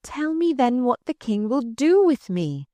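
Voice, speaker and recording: A woman's voice: sits high, very animated, a little slow, warm tone, no echo, voice pushed up. A woman reading aloud voices a pious, spirited young noblewoman who pleads with fervent conviction. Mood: pleading.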